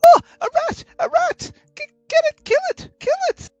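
A man's voice: very high voice, huge pitch swings, a little fast, dry recording, dull audio, faint music behind, voice pushed up, exaggerated voice. A man doing a shrieking, squealing fairground lady. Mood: panicked. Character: shrill startled woman at a fair.

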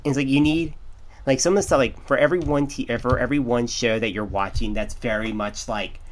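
A man's voice: medium pitch, fairly even intonation, brisk. An American man co-hosting a podcast, rambling in casual chat full of restarts and fillers. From United States. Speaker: podcast co-host.

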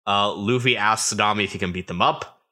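Bright-voiced man recapping a manga. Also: lowish voice. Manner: recaps the plot with joking asides and quick voiced quotes. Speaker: podcast co-host. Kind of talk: casual chat recapping a manga.

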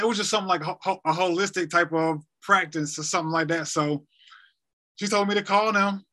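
Guy around thirty, high pitched and super bright, stumbling storyteller on a podcast. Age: 30s. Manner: halting, repeats words, retells quotes. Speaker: podcast guest. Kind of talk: emotional personal story.

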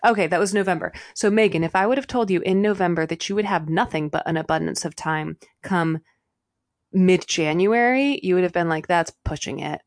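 A woman co-hosting a casual spiritual podcast, animated and swearing now and then, a little out of breath. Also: on the low side, brisk, dry recording, clean studio sound. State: slightly out of breath. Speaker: podcast co-host.

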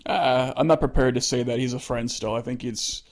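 Man, co-host, gravelly voice, laid-back banter. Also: mid-range voice, steady tone. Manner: laid-back, quick joking asides. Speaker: podcast co-host. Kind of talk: casual chat.

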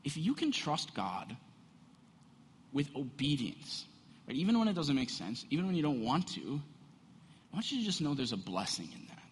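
A man preaching a sermon as a pastor, animated and conversational, often asking the congregation rhetorical questions. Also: a little high, normal speed, pauses often, a little hiss or hum. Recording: echoey hall.

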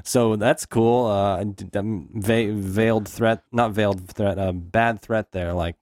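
A man co-hosting a podcast in casual chat, giving an animated retelling of a movie and acting out the characters' lines. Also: fairly low pitch, measured pace, no room sound, clean studio sound. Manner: animated retelling with acted-out quotes. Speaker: podcast co-host.

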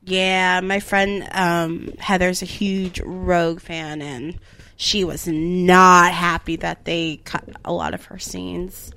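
A woman co-hosting a podcast in casual chat, teasing her co-hosts with quick interjections. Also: fairly low pitch, little pitch movement, gravelly, sharp tone. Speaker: podcast co-host.

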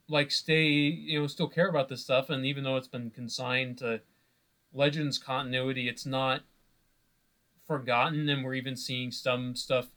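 Bright-voiced, halting podcast guy. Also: medium pitch. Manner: halting, many fillers and restarts. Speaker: podcast co-host. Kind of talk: casual podcast chat.

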